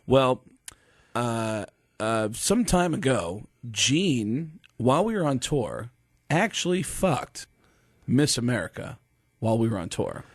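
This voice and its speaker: A male comedian telling stories on a podcast, his pitch swinging widely as he acts out the people he quotes. He speaks into a studio microphone, and the sound is close and dry. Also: normal speed, no room sound. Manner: lively anecdotes, acting out quoted voices. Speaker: comedian guest. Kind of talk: podcast storytelling.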